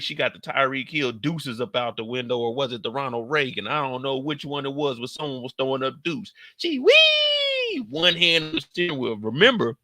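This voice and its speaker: In a dry recording, a man offers animated, profanity-laced reaction commentary on a TV show and performs scenes with shrill squeals and shouts.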